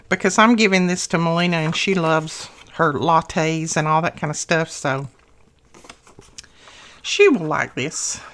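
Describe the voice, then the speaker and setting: A woman with a somewhat low voice hosts a relaxed crafting tutorial. She explains each step plainly and chattily, thinking aloud and dropping small asides as she works. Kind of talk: casual step-by-step craft demonstration.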